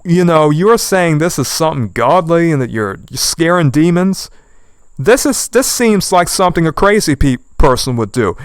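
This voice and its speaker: A man's voice: on the high side, lively intonation, normal speed, clean tone, no room sound. A man giving outspoken online commentary, indignant and scolding, repeating phrases for emphasis. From United States.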